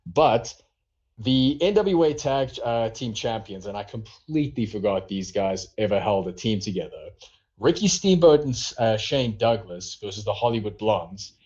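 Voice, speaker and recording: A man's voice: fairly low pitch, expressive, normal speed, darkish tone. Rambling male podcast co-host, lo-fi sound. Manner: rambling, filler-heavy storytelling. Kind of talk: casual chat.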